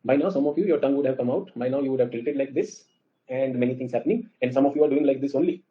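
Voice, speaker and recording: This teacher speaks Indian English, lecturing energetically at a quick pace with a mid-range pitch. He keeps posing questions to the class to make sure they're keeping up, though the audio sounds muffled and low-fidelity.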